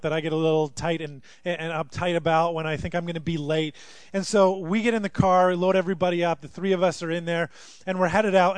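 Young guy preaching, pretty high voice, animated, gets loud then hushed, dry close sound. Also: no echo. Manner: animated storytelling, swinging from quiet to loud. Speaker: pastor. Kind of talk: sermon.

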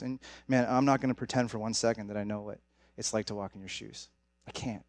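Fast-talking young male pastor. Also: lowish voice, steady tone, no echo. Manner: conversational, direct, addresses audience as guys. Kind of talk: sermon.

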